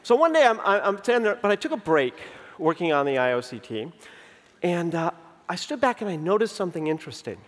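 A man in his fifties giving a conference keynote. He tells stories in an animated way, acts out the dialogue, and slows down to stress key points. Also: high-pitched. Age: 50s. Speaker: keynote speaker. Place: large conference venue. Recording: long reverb of a big hall.

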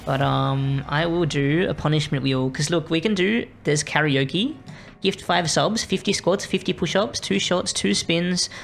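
A woman's voice: sits low, measured pace, creaky, faint music behind. A young Australian woman streaming a game, chatting to her viewers in a rambling, apologetic way. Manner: rambling, apologetic, talking to chat while playing. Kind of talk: casual live-stream chat.

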